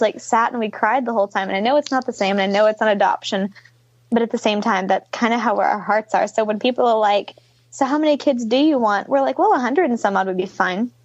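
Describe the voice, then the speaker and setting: A woman's voice: fairly high pitch, dry recording. A young woman chats as a guest on a podcast, telling her stories with plenty of fillers. Her voice comes through a video call. The sound is dull and dry. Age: 20s. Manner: chatty, storytelling with many fillers. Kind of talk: casual podcast interview over video call. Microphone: video call microphone.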